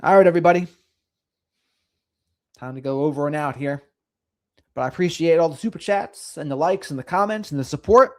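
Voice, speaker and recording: His voice leans high and his speech is brisk, though he leaves long pauses. The middle-aged host reads comments on a casual livestream, keeping a sing-songy, animated tone.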